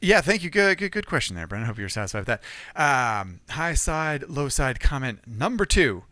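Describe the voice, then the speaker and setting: A man's voice: mid-range voice, moderate pace, no room sound. Easygoing male podcast co-host. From California. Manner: relaxed, laughs easily, explains things. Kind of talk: casual podcast chat.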